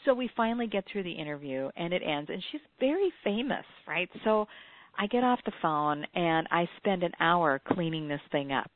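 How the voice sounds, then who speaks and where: A woman co-hosting a talk show, telling an anecdote in a lively way and acting out what people said. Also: on the low side, moderate pace, dry recording. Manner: animated storyteller, acts out quotes. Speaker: podcast co-host, former radio interviewer. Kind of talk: casual chat, anecdote. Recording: dry, tinny phone-like sound.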